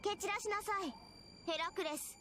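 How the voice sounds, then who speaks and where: A woman's voice: extremely high pitch, fast talker, a crowd in the background. A cruel little girl mage. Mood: commanding. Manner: sweetly menacing, giving orders. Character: small girl mage, cold, cruel and commanding. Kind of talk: Japanese game voice acting.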